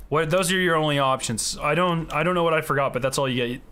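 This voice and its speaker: A man's voice: a little high, expressive, fast, few pauses, pushed and bright. A man live-streaming a video game, chatting casually with viewers, greeting them by name and swearing freely in a hyped way. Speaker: gaming streamer.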